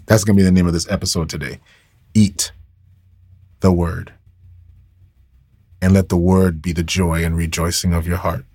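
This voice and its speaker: A man with a lowish, slightly husky voice preaches to a live online audience. He talks casually and with emphasis, repeating key phrases and calling out to "y'all." The sound is close and dry, with no room echo. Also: little pitch movement, moderate pace, pauses often, darkish tone. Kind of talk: livestreamed devotional sermon.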